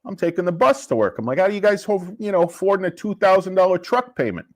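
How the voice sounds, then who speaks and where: A man's voice: high-pitched, big pitch swings, fast talker. A man ranting casually about a stock, combative and profane. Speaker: stock market commentator. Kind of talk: casual investing rant.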